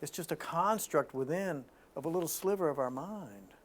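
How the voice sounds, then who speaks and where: Guy with a bit of a high voice telling a dream story, restarts his sentences a lot. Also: moderate pace, a little hiss or hum. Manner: animated storytelling, frequent restarts. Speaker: spiritual talk host. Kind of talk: informal spiritual talk.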